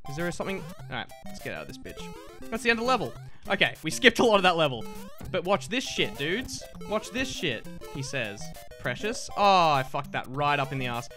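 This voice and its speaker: Bright-voiced gaming host. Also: male voice, a little high, sing-song, fast talker, faint music behind. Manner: crude, profane and jokey. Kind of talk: casual gameplay commentary.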